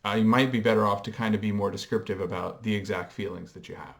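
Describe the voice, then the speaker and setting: A man's voice: fairly low pitch, steady tone, creaky. Hesitant man musing on camera. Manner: reflective, hesitant, frequent ums; explains and coins terms in a measured way. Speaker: pop culture vlogger. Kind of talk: casual commentary.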